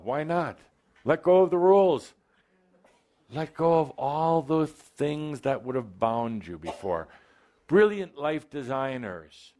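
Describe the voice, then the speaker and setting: Guy doing a channeled spiritual talk to a live crowd, teasing and theatrical, voice bouncing up and down a lot, mid pitch. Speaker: spiritual teacher addressing a live group.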